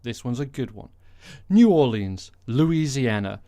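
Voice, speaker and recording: A man's voice: medium pitch, very animated, a little slow, dark tone, no room sound, studio quality. A man hosting a podcast, giving a blunt, sarcastic, sweary comic monologue. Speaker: podcast host.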